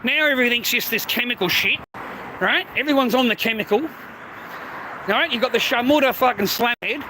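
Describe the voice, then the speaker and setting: A man's voice: extremely high pitch, brisk, noisy background. A man hosting a livestream in a crude, sweary ranting chat, mocking his viewers and laughing often. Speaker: livestream host.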